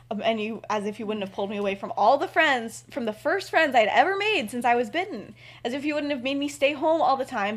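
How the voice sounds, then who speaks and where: A young woman quoting an upset teenage boy in a heated, rushed outburst at his parents. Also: on the high side, natural voice.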